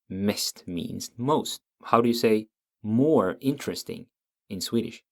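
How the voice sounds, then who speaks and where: A man teaching a language lesson, patiently explaining grammar and repeating each example word slowly. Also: lowish voice, vocal fry, darkish tone.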